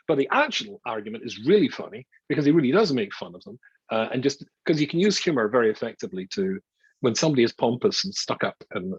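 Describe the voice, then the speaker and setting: An older rabbi with a husky voice teaches in a chatty, wry way, full of self-mocking asides. His pitch moves about a lot as he tells his stories. The recording sounds dull and dry, with no room echo. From Scotland. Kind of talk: informal Torah lecture.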